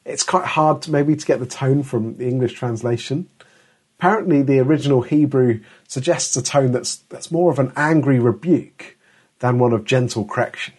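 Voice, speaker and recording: A man's voice: mid-range voice, normal speed, darkish tone, husky. A middle-aged man preaching a sermon in an earnest, emphatic way, often restarting his words.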